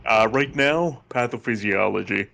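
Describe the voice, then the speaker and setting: Low-voiced man talking haltingly on a stream. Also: creaky, pushed and bright, slight background noise. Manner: halting, full of fillers like uh and um. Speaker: stream co-host and student. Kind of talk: casual livestream chat.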